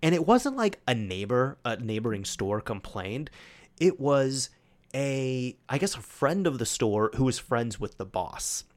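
A man's voice: mid-range voice, big pitch swings, a little slow. Chatty man telling rambling stories. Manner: chatty, rambling with fillers and acted-out quotes. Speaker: podcast host. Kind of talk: solo casual storytelling.

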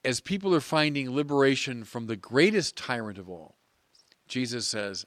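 A priest preaching a sermon in an earnest, measured way with emphatic pauses. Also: male voice, medium pitch, expressive, a bit bright, no echo.

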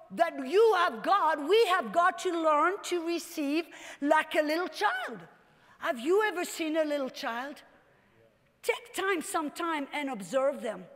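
A woman preaches an animated sermon in a very high voice and often rises to shouting. Her voice rings out with a long reverb in a church hall.

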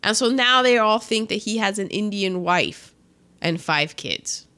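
A woman's voice: medium pitch, measured pace. A woman chatting casually as she retells a film's plot, acting out the lines with laughter. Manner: animated, acts out quotes with laughs. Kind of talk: casual chat retelling a film.

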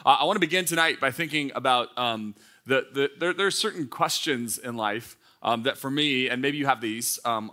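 A man in his thirties, a pastor, preaching a lively, conversational sermon at a church service with frequent fillers and restarts. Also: mid-range voice. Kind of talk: sermon to young adults.

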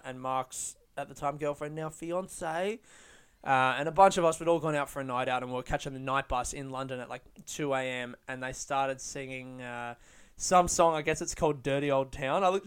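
A man's voice: mid-range voice, fairly bright tone, clear, resonant tone. A man hosting a casual solo podcast, rambling in a profane, self-mocking way. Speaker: podcast host. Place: London, UK.

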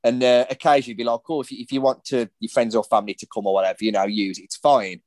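A man's voice: mid-range voice, little pitch movement, very fast, darkish tone, dry recording. A man, hosting a podcast and telling rambling anecdotes in casual chat. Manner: anecdotal, rambling storytelling with restarts. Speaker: podcast host.

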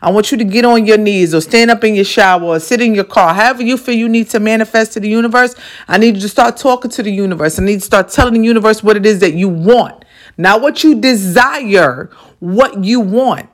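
A woman's voice: medium pitch, a little fast. A woman hosting a podcast, giving a motivational monologue in an emphatic, repetitive, profane, preacherly way. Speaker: podcast host.

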